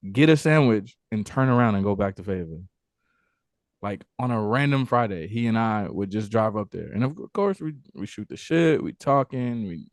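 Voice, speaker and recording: A man's voice: mid-range voice, no echo. Laid-back man reminiscing, dry sound. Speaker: podcast co-host. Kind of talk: casual chat.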